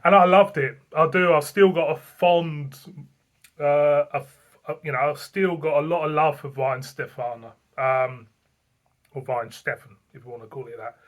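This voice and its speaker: A man with a slightly high voice tells a casual vlog story about himself. He rambles, circles back and repeats his own phrases. He sounds like an easygoing channel host chatting to his viewers. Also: moderate pace. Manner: rambling, repeats himself, frequent fillers and chuckles. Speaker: beer review channel host.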